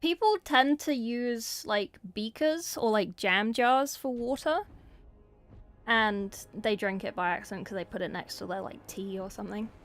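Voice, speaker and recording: A woman's voice: mid-range voice, measured pace. A young woman painting miniatures on a livestream, chatting casually and answering viewer chat as she works. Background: faint background music.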